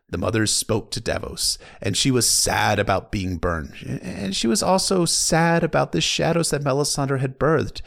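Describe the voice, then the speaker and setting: A man's voice: medium pitch, moderate pace, gravelly, hardly any pauses, a bit bright. A man retelling a book chapter in a casual, joking way, with slangy asides to the reader. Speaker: narrator recapping a book.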